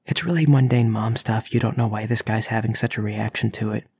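A man narrating as game master in a tabletop game, telling the story steadily with soft asides. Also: on the low side, steady tone, fairly quick, gravelly, breathy edge.

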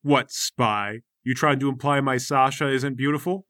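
A man's voice: mid-range voice, moderate pace, fairly bright tone, no echo, studio quality, close to an everyday voice. A man voicing a pompous teenage boy who leads a crowd, speechifying and self-important. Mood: indignant. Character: pompous teenage boy leader, preachy rabble-rouser.

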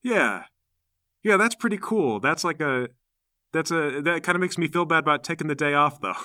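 A man's voice: on the high side, expressive, moderate pace, bright, forceful tone. A man voicing a laid-back young male pizza delivery guy who talks hesitantly with lots of fillers.

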